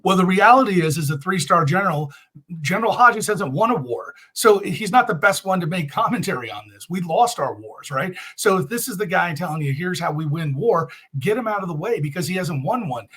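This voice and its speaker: A man's voice: high-pitched, lively intonation, brisk, pushed and bright, slightly rough. A man giving blunt, emphatic commentary as a guest in an interview. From United States.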